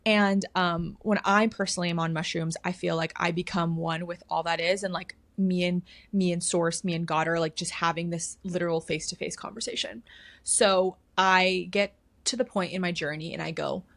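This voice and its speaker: Thirty-year-old woman, podcast guest; candid, chatty storyteller with a low pitch and a dry, close sound. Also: steady tone, moderate pace, fairly bright tone, no room sound. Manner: candid, heavy use of "like", swears freely. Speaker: podcast guest, inner work coach. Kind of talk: casual personal storytelling.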